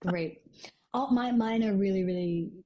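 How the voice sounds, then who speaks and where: A middle-aged woman, a guest on a podcast, chatting casually and telling stories in an animated way, quick to laugh. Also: mid-range voice, muffled recording. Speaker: guest, stage actor.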